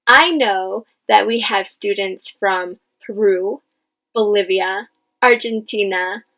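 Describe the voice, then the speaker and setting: A woman's voice: medium pitch, takes it slowly, a bit bright, rough recording. Patient woman teaching English dictation. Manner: patient, enunciates each word, stresses key words. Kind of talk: slow, clear classroom dictation.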